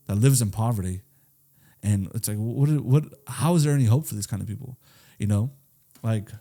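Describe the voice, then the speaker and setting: Young male podcast co-host with a mellow voice; loose, swearing, filler-heavy crime retelling. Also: fairly low pitch. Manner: loose and profane, full of fillers and "right?". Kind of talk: casual true crime storytelling.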